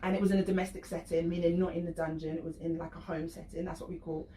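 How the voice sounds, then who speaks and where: A woman working as a professional dominatrix, a guest on a radio show, telling stories in casual chat, animated and laughing often. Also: on the low side, fast talker, reverberant, distant mic, a little hiss or hum. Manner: animated storyteller, laughs often, acts out voices.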